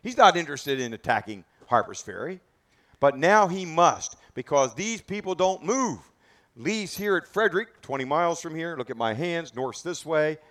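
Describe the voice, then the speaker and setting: A man on the high side in pitch, with an animated, fairly bright tone, speaks at a moderate pace as a battlefield tour guide. Outdoors at the historic site, he gives his group a dramatic, emphatic history talk full of rhetorical questions aimed at the listeners.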